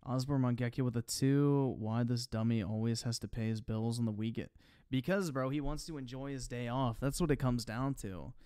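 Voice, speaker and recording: A man's voice: medium pitch, fairly even intonation, normal speed, mellow, smooth, dry recording, studio quality. A man doing casual livestream commentary on clips, mocking and sarcastic, swearing freely while reading out chat donations. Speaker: streamer reacting to clips.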